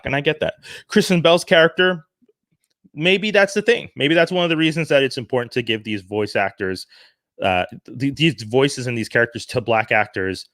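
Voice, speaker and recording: Man from Canada, earnest commentary, animated, mid-pitched voice, dry close sound. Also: dry recording. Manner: earnest, animated, with frequent restarts. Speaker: commentary vlogger. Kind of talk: opinion commentary monologue.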